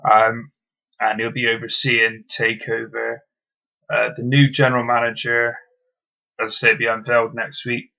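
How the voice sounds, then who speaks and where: Opinionated man with gravelly voice. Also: mid-range voice, completely flat delivery, moderate pace, pushed and bright, dull audio. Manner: blunt, opinionated, swears, many ums. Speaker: wrestling show reviewer. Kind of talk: casual solo review.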